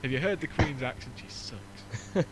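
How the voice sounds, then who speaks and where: Brief: young Northern English host, mid-pitched, wry mocking banter, audible background noise. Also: male voice. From Northern England. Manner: joking, rambling, quick to mock. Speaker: podcast host. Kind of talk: casual chat.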